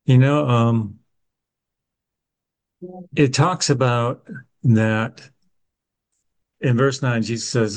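Steady man explaining Bible verses. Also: mid-range voice, drawn-out words, long pauses, rough recording. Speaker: co-host of a Bible discussion. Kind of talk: conversational Bible study.

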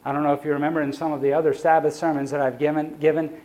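A man preaching a sermon in a voice a touch higher than most men's. He stretches key phrases slowly and rushes asides. He sinks to near-whispers when he voices a quiet reflection. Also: little pitch movement. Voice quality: sighs for emphasis. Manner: varies pace and loudness, slows on key phrases, drops soft for quoted reflections.

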